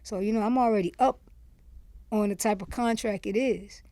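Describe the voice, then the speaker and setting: A woman from Miami tells a story in a loose, candid way as an interview guest. Her voice is warm and relaxed, and the room is dry and close. She slips into quoted back-and-forth as she talks. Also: medium pitch, normal speed, no room sound. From Miami, USA. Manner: candid and animated, acts out quoted dialogue, lots of "you see what I'm saying". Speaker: podcast guest, former rapper.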